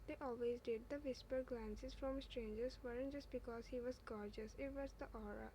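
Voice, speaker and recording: A woman narrating a fan fiction story in a steady, measured reading. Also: fairly high pitch, a little hiss or hum, poor audio.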